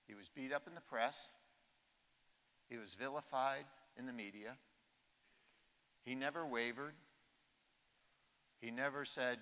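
A man's voice: mid-range voice, a little slow, long pauses, pushed and bright. A man in his sixties giving an anecdotal keynote speech at a conference, telling humorous stories and acting out quotes. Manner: humorous storytelling, acts out quotes. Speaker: keynote speaker. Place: large conference hall. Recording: echoey hall.

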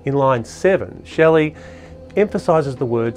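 A man of middle pitch reads a scripted lesson on a poem, calm and explanatory, leaning on key words for emphasis. Soft music plays faintly underneath his voice. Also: a little slow. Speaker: poetry lecturer. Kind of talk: scripted educational narration.

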